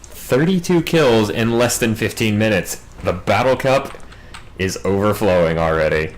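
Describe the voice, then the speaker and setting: Lower-voiced man calling a game. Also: slight background noise, low-quality recording. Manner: quick, excitable calls in big plays, wry asides in lulls. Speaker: match commentator. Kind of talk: solo play-by-play game commentary.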